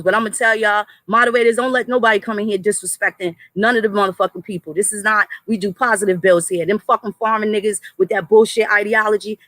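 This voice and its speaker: An adult livestream host angrily rants at chat and moderators, addressing them directly with heavy profanity and threats. The voice is medium-pitched and a bit bright, and the audio is poor.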